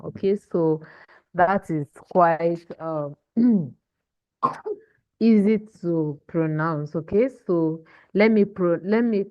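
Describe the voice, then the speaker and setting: A woman teaching over a video call, pronouncing each word slowly and checking in with her class as she goes. Her voice sits a little low. The call audio is dry and dull. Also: no echo. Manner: slow, deliberate modeling of pronunciation; checks in with "okay?" and "hmm?". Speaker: Portuguese language teacher.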